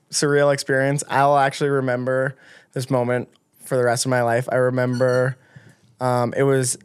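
Young dude on a podcast, chatty, lots of "like", dry close mic. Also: male voice, medium pitch, no echo. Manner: animated, lots of filler words, acts out quotes. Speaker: guest snowboarder. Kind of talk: casual storytelling. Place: podcast studio.

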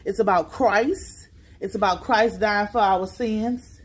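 A woman's voice: mid-range voice, steady tone, takes it slowly. A woman vlogging at home for the holidays, speaking in a style and giving upbeat, preachy blessings to viewers. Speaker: vlogger, single mother. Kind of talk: casual family holiday vlog.

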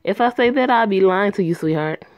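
A cold, unapologetic young man, voiced by a woman answers in short, blunt lines. The voice is pulled a little low from a middle register, recorded dry and close. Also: animated, fairly quick, dry recording, natural voice.

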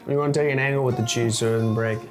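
A man's voice: medium pitch, steady tone, rapid-fire. A man chatting casually with a cook, teasing him and laughing often. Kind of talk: casual kitchen chat.

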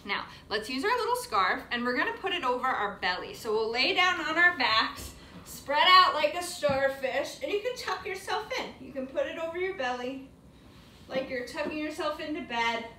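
A woman's voice: high-pitched, animated, normal speed, pushed and bright, a little hiss or hum. A woman teaching a yoga class for young children in a sing-song, encouraging, playful way. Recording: echoey room, mic at a distance.

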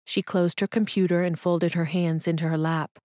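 Brief: woman audiobook narrator, calm and even, lowish voice, very dry close recording. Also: moderate pace, dry recording. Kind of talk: scripted narration.

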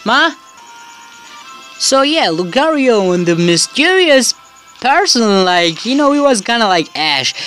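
A woman's voice: on the high side, sing-song, slow pace, fairly bright tone, soft background music. A woman commentating her own game playthrough, rambling and chatty with many fillers. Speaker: gamer. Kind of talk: let's play commentary.

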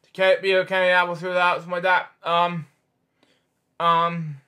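A man's voice: high-pitched, level tone, normal speed, sharp tone. A man reading a picture book aloud, stumbling over words and breaking off into rambling side comments. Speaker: storyteller host.

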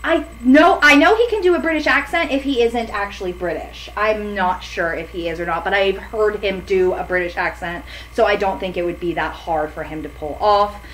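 A woman co-hosting a casual chat about recasting films, enthusiastic and quick to laugh. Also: medium pitch, fairly bright tone, slight background noise, rough recording. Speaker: podcast co-host.

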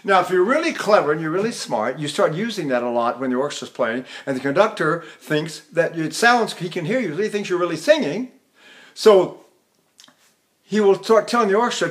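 Older male voice teacher, high-pitched speaking voice. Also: expressive, a little fast, fairly bright tone. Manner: chatty and anecdotal, breaks into sung opera demonstrations; addresses students directly with frequent "see?". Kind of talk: recorded lecture on vocal technique.

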